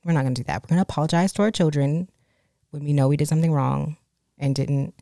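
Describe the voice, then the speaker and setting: A woman's voice: low voice, steady tone, fast talker, vocal fry, mellow, dry recording, studio quality. A young woman talking candidly in casual chat, rambling with many fillers and restarts.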